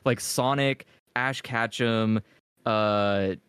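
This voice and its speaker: Laughing, animated man on a podcast. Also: fairly low pitch, drawn-out words, clear, resonant tone, dry recording, studio quality. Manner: laughs often, animated, swears casually. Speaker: podcast co-host. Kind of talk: casual chat.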